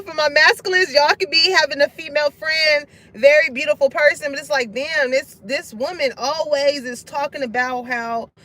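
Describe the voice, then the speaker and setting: High-voiced, laughing woman tarot reader. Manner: laughs often, slangy and animated. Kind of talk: casual tarot reading to viewers.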